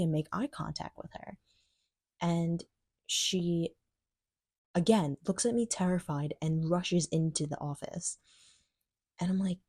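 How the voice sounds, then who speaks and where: A young woman chats through a storytime vlog in a low, mellow voice, filling her talk with "like" and acting out what she thought. Her voice sounds close and dry. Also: animated, normal speed, breathy edge, dry recording. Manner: chatty, many "like" fillers, acts out her own thoughts. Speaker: vlogger. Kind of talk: casual storytime.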